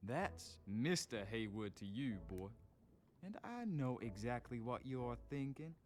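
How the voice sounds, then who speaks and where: A man's voice: mid-range voice, animated, unhurried, close to an everyday voice. A man playing a stern Southern ship officer. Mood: commanding. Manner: gruff, commanding, scolding.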